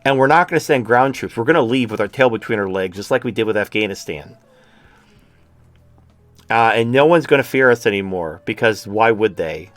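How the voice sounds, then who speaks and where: A man's voice: lowish voice, animated, fairly quick, no echo. A male talk-show host ranting in a profane, sarcastic way.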